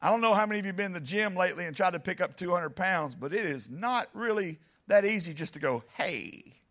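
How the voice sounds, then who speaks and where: A man's voice: sits high, expressive, quick pace. A male preacher delivering a dramatic sermon and speaking straight to his congregation. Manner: dramatic, builds to near shouting, speaks to the congregation directly. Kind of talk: animated sermon.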